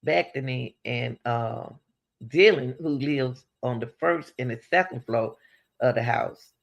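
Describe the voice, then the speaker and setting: Animated woman commenting straight to viewers. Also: creaky. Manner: animated, talks straight to viewers with rhetorical questions; pitch swings widely between high exclamations and low asides. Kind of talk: casual true-crime commentary.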